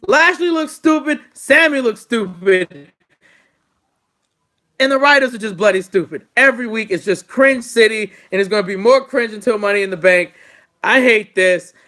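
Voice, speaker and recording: A man's voice: high voice, moderate pace, sharp tone. A man recapping wrestling shows in a casual, sarcastic and exasperated rant. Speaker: wrestling show reviewer.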